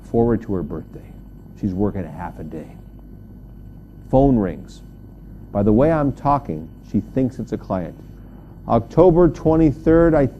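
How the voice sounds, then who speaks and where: A man giving a humorous motivational talk, telling stories and jumping high on punchlines. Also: lo-fi sound, slight background noise. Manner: animated storyteller, jumps high on punchlines. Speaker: motivational speaker.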